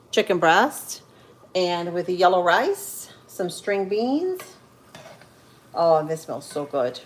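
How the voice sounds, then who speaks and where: A woman in her thirties from Central Florida hosts a casual livestream, chatting with viewers as she cooks. She talks at an unhurried pace, pausing and filling gaps as she thinks aloud. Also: mid-range voice, a little hiss or hum. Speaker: livestream host. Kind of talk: casual live-stream chat while cooking.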